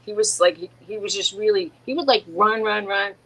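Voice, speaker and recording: A woman's voice: medium pitch, fairly quick, husky, rough recording. Middle-aged woman, casual chat co-host, rambling anecdotes, frequent restarts, laughing. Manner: rambling storyteller, laughs often, many restarts.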